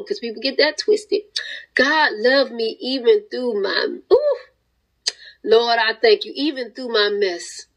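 A woman's voice: fairly high pitch, fairly bright tone, low-quality recording. A woman hosting a podcast, giving a fervent, sometimes tearful spoken testimony of faith to her listeners. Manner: fervent, preachy, tearful at times. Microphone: home podcast recording.

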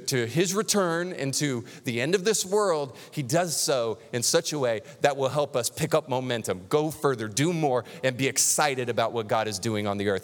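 A man preaching a sermon as pastor, animated and conversational, with touches of humor. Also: medium pitch, in a large hall.

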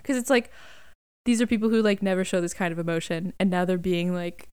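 Chatty young woman with smooth voice. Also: on the low side, a little fast. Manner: chatty, animated, laughs and acts out reactions. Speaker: podcast co-host. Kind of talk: casual fan podcast chat.

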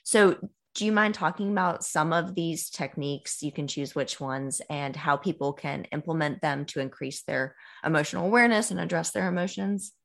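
Casting: woman podcast host, low voice with a gravelly edge, engaged and conversational. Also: normal speed. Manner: engaged, warm questioning with fillers. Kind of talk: casual interview chat.

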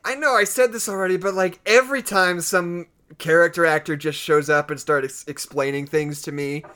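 A young man co-hosting a casual film chat, excitable and quick to laugh. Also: a little high, clean tone. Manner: excitable, enthusiastic, laughs often.

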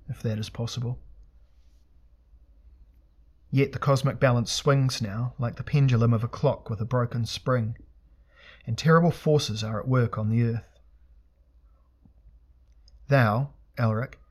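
A serene ancient god of justice speaks in solemn, archaic phrases, as a male narrator voices him. The voice is pure and sweet with a slightly husky edge. Steady, measured, unhurried. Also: mid-range voice. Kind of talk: audiobook reading.

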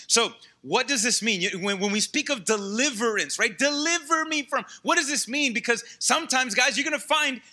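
A man delivers a sermon in a high, very bright voice. He preaches casually and with energy, turning to his listeners with quick asides. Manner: conversational, animated preaching with asides to the congregation. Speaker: pastor.

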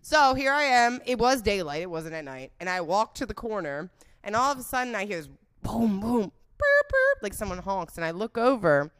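A woman's voice: medium pitch, expressive, brisk, a bit bright, clear, resonant tone. A young woman telling a candid, profane dating story in casual chat, giggling as she goes.

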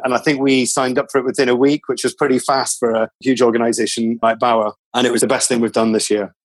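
A man's voice: medium pitch, level tone, quick pace, no echo. A man, a radio company executive, talking in an earnest, reflective way in an interview, often restarting his sentences. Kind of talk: conversational interview.

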